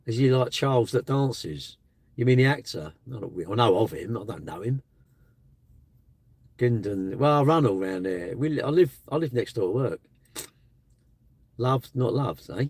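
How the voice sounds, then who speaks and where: A man's voice: medium pitch, expressive, normal speed, no room sound. A man hosting a live stream, chatting bluntly and casually with his viewers. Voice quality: blunt, chatty, slangy delivery.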